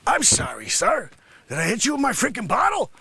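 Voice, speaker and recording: A blustering loudmouth at a coffee counter, put on by a man. His voice is high, bright and gravelly, with a husky edge. It lurches from grumbling under his breath to full-throated yelling. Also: wildly swooping pitch, a little fast, no echo, heavily acted. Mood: shouting. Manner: brash, blustering, swings from muttering to shouting.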